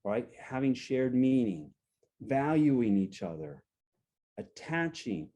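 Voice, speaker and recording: At a support-group workshop, a guest speaker on relationships takes things slowly in a mid-range voice, and the recording's highs are cut off. He explains each step in turn, frequently checks in with "right?", and performs example phrases to show a calm versus an angry tone.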